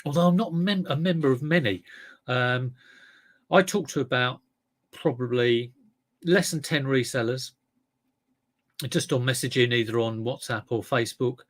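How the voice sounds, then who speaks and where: A man's voice: medium pitch, normal speed, pauses often. A man hosting a casual livestream, reading chat comments and rambling with lots of restarts and fillers. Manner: rambling, self-correcting, chatty.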